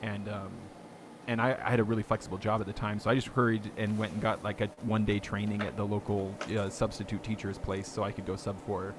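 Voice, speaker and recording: A man's voice: lowish voice, level tone, fast talker, background noise. A man hosting a podcast, talking casually and rambling, often laughing as he tells stories. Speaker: podcast host.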